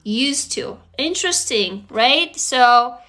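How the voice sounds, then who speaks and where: Bright-voiced Russian-accented woman livestreaming. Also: high-pitched, expressive, takes it slowly. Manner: chatty, swears casually, greets viewers. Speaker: livestream host. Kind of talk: casual live-stream chat. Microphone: phone.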